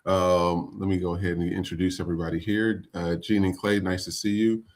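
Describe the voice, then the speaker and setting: A man with a low, deep voice hosts a live podcast. He talks loosely and casually, with lots of fillers as he welcomes guests. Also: little pitch movement, brisk. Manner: loose, filler-heavy, chatty. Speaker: podcast host. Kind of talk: casual live-stream hosting.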